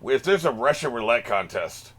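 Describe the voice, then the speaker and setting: A man's voice: mid-range voice, lively intonation, normal speed, fairly bright tone. A man hosting an anime reaction video, cracking profane jokes and laughing often in casual commentary. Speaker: anime reaction channel host.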